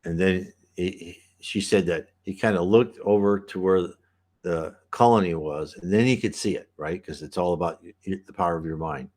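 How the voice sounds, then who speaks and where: A man's voice: low-pitched, normal speed, darkish tone. A man giving rambling, casual commentary on a book he is reading, with many restarts and fillers. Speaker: reader and commentator.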